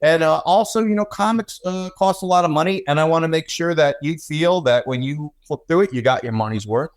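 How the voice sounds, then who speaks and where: A middle-aged man speaking as a comic book artist on a live panel, earnest and steady with many pauses. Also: a little high. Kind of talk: casual live panel talk. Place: live event before an audience.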